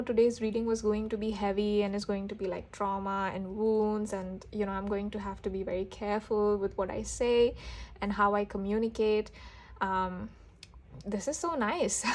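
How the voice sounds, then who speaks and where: A woman tarot reader doing an intuitive reading for viewers, talking gently and with enthusiasm, often restarting and breaking into soft exclamations. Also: mid-range voice, steady tone, normal speed.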